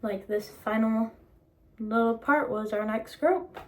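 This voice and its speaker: A young woman vlogging casually, excited and disbelieving, rambling with many fillers as she tells her story. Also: on the high side, slow.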